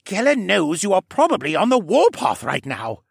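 A man voicing a formal, cautious old male koala archivist who speaks in a precise, placating way in a raised, husky voice. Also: sits high, huge pitch swings, normal speed, no room sound, studio quality, voice pushed up, full character voice. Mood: urgent.

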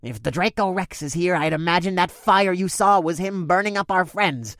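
A man's voice: high-pitched, normal speed, fairly bright tone, no echo, clean studio sound, voice pushed up. A man voicing a snarling, scornful male orc in a raised, pinched voice. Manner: snarling and contemptuous.

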